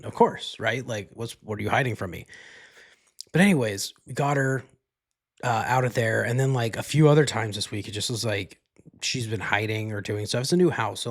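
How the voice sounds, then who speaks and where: A young man hosting a casual solo podcast from his countryside home, rambling with lots of swearing and filler words. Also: on the low side. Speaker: podcast host. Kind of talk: casual solo vlog-style chat.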